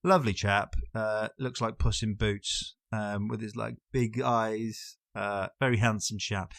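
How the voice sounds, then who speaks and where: A man's voice: fairly low pitch, steady tone, a little slow, gravelly, fairly bright tone, no echo, clean studio sound. A man co-hosting a podcast, chatting casually and easily amused. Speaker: podcast co-host. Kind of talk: casual chat.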